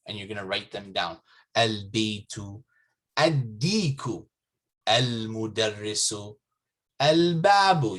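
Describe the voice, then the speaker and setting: Slow, patient male Arabic teacher. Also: medium pitch, a bit bright, breathy edge. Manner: patient, repeats words and checks understanding with "okay?". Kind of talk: slow classroom explanation. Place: mosque classroom.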